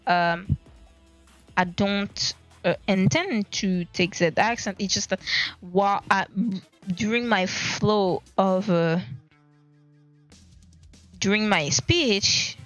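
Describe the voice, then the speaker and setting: A woman chats casually on a livestream, rambling as she searches for the right words to explain herself. Her voice sits at an ordinary middle pitch. The stream audio is dull and lo-fi, with soft music playing behind her. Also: slow pace, long pauses. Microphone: desk mic at a laptop.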